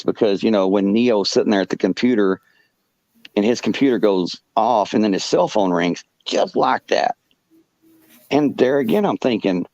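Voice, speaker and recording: A man on a podcast telling a rambling first-person story, halting and full of fillers and restarts. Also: on the low side, lively intonation, creaky, darkish tone, no echo, muffled recording.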